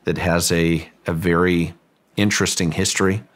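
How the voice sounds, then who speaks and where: A man being interviewed who recounts a story in a halting way and often repeats words as he goes. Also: deep voice, flat delivery. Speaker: guest, ranch owner recounting a story.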